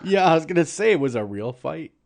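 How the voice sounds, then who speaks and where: A man's voice: on the high side, sing-song, brisk, vocal fry, darkish tone. A man hosting an interview, chatting casually with brief reactions and follow-up questions. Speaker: show host.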